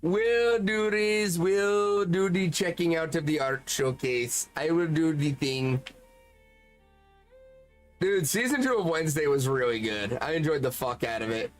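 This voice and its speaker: A man's voice: fairly high pitch, a little slow, faint music behind. A man streaming and chatting casually with his chat, swearing freely and often laughing.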